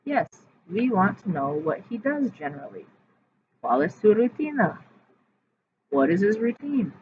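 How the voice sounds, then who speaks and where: A woman's voice: mid-range voice, sing-song, measured pace. A woman reading the lines of a teenage girl from a textbook dialogue, translating each line after saying it. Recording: tinny phone-like audio with faint hiss.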